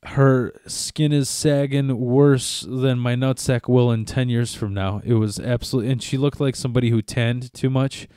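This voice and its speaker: A man tells a long, profane story in loose podcast chat. His voice is dark and mellow, and it sits dry and close with no room sound. He keeps stopping and restarting his sentences. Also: mid-range voice, steady tone, moderate pace, hardly any pauses, clean tone, dry recording. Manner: rambling, profane, self-interrupting. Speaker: podcast co-host.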